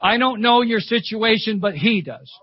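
A man's voice: high voice, expressive, normal speed, lo-fi sound. An older man preaching a sermon at a church service, telling stories fervently, repeating phrases and calling out "Amen.".

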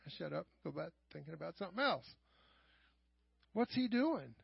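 A middle-aged man with a high voice preaches a sermon, dropping to quiet asides and then rising to loud, raised passages. The sound is dry, with no room echo, and muffled like a lo-fi church live stream. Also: very animated, normal speed, gravelly, husky. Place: church sanctuary.

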